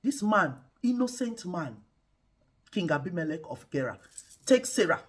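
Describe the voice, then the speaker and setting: Animated woman preaching relationship advice. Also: lowish voice, a little slow, husky. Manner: animated, preacher-like, addresses viewers as guys. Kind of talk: preaching-style relationship talk.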